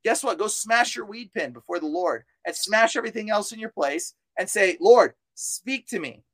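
Fervent high-voiced man preaching insistently. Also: lively intonation, moderate pace, sharp tone, no room sound. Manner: fervent and insistent, repeats himself, casual slang. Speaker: exorcist guest on a podcast. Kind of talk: preachy podcast talk.

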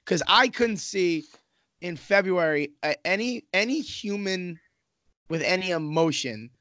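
An Islanders fan in casual hockey chat on a podcast speaks in a high, sharp, animated voice, taking his time. He rambles and swears, restarting often and using fillers. The recording is dry.

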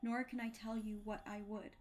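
A woman's voice: on the high side, flat delivery, moderate pace, a little mellow, soft background music, lightly acted. A woman voicing a grim male ghost, a dead miser bound in chains, who speaks in a mournful, solemn, declaiming way.

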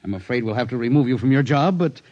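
A man's voice: medium pitch, expressive, quick pace, darkish tone, highs cut off, natural voice. An actor playing an impatient male company boss, brusque and flustered, in a 1950s radio drama.

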